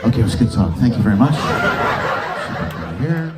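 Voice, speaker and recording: A man on stage doing stand-up crowd work, teasing audience members with quick jabs. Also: fairly low pitch, big pitch swings. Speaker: stand-up comedian. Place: stage in front of a live audience. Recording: live show with roomy echo and crowd noise.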